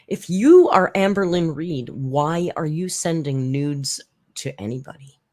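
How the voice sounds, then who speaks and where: A channel host giving casual spoken commentary, blunt and rambling, with frequent restarts, side remarks and sarcastic jumps in pitch for emphasis. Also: big pitch swings, a little slow, a little mellow.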